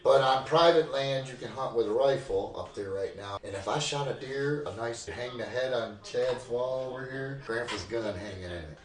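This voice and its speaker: A man telling a long hunting story on a podcast, animated and full of swearing, recorded in an echoey room with the mic set back. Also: medium pitch, normal speed, few pauses, distant mic. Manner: animated, profane yarn-spinning. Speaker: podcast guest. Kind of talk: casual storytelling.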